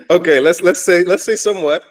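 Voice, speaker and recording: A man hosting a podcast interview, enthusiastic and affirming. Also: high-pitched. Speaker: podcast host. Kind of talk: casual interview.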